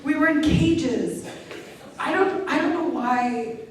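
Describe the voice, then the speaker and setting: A woman's voice: high voice, lively intonation, slow pace. A woman on stage as a convention panel guest, joking around in playful, giggly banter. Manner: playful, giggly, bursts into silly voices. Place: large convention hall. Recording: echoey hall, distant mic, loud crowd.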